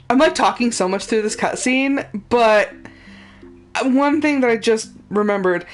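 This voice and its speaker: A woman's voice: on the high side, measured pace, faint music behind. A woman streamer chatting casually and laughing often while commenting on a game she is playing live.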